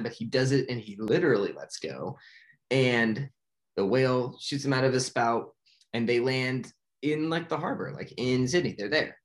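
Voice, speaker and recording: A young man casually retelling a movie plot in a rambling way, full of "like" and excited acted-out quotes. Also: medium pitch, normal speed. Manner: rambling, filler-heavy with frequent "like". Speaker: movie recapper. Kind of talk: casual spoken movie recap.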